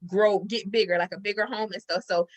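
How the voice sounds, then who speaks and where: A woman hosting a podcast, telling stories in casual chat, animated, swearing freely and breaking into loud outbursts. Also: mid-range voice, fairly quick. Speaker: podcast host.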